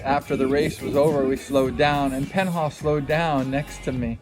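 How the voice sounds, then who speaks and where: A man's voice: mid-range voice, steady tone, normal speed. A middle-aged man, a former speedway racer, telling a rambling story full of repeated fillers. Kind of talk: casual storytelling. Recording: loud music underneath.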